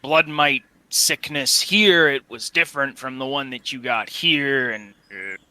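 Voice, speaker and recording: A man voicing a weathered male mercenary in a tabletop role-play, talking in a halting, folksy way with many pauses. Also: mid-range voice, pushed and bright, dry recording. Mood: musing. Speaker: game master voicing a character.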